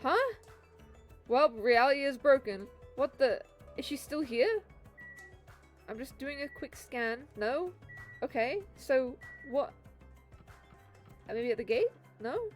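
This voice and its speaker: A woman streaming a game, reacting in an excitable way and swearing, laughing and exclaiming at what happens on screen. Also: sits high, slow, pauses often, faint music behind. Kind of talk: live gameplay commentary.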